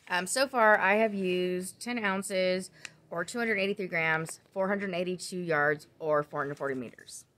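A woman's voice: medium pitch, a bit bright, slight background noise. A woman vlogging about her crochet projects in a casual, rambling chat full of tangents, ums and self-corrections. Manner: chatty, rambling with side tangents.

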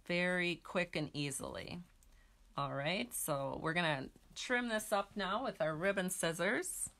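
Bright, chatty woman teaching a craft. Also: lowish voice, a little slow. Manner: chatty, talks to viewers while working. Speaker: stamping craft demonstrator. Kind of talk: casual craft tutorial.

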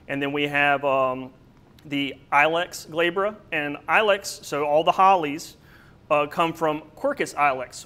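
A man's voice: fairly high pitch, pushed and bright. A man presenting a slide lecture on plant names, explaining patiently with occasional fillers and small asides. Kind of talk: slide-based botany lecture.

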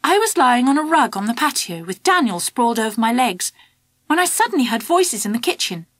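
A woman narrating a children's audiobook in the first person, in a lively storytelling manner. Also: on the high side, a little fast, no room sound.

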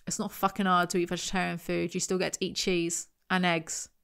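A woman's voice: on the low side, level tone, a little fast, creaky, fairly bright tone, smooth. Sardonic woman reviewer, reads a novel aloud and cuts in with dry, sweary jabs. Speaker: book reviewer. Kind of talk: reading aloud with mocking commentary.

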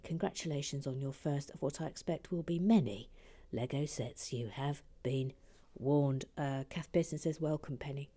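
Low-voiced woman hosting a livestream, chatty and a bit scattered, keeps slipping into soft whispers. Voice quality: soft, often slips into whispered asides. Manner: chatty and self-deprecating, with frequent "uh" and restarts. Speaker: livestream host. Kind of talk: casual chat while building and reading viewer messages.

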